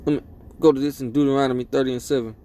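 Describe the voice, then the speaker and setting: Rapid-fire and dark in tone, a man's mid-range voice stays fairly even as he preaches. He reads from scripture and emphatically underlines each point, tacking on "man" and "all right?".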